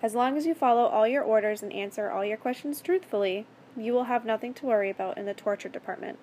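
A woman's voice: a little high, fast talker, a little hiss or hum, close to an everyday voice. A woman reading a story aloud and voicing a mocking, menacing male captor with a sticky, falsely kind manner. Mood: calmly threatening. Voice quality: sticky-sweet mock kindness. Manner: taunting, calm, controlling.

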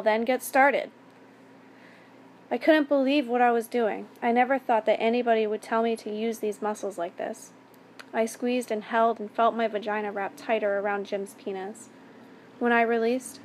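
A woman reading a first-person story aloud in a steady, even narration. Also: a little high, slight background noise.

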